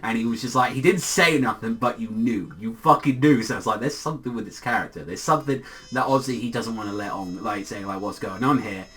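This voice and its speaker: A man casually reviewing an anime episode, rambling excitedly with lots of swearing and constant "like" fillers. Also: medium pitch, brisk. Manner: excitable, profane, heavy use of filler "like".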